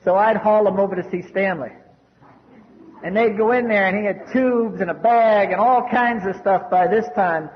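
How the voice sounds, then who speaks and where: Older man, high-pitched, blunt and wry speaker share, muffled lo-fi hall recording. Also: normal speed. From US East Coast. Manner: blunt, wry, salty humor. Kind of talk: recovery meeting share, storytelling. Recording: echoey hall, dull lo-fi.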